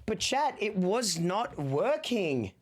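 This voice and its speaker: A man's voice: sits high, big pitch swings, slow pace. A young man streaming a game, out of breath, rambling and joking as he talks to his chat. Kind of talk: casual gaming stream chat.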